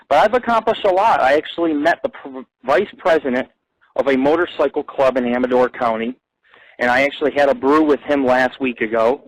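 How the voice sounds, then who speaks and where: On a roughly recorded internet radio show he hosts himself, a man rambles through a live monologue of boastful, profane stories. When excitement hits, he gets higher and louder.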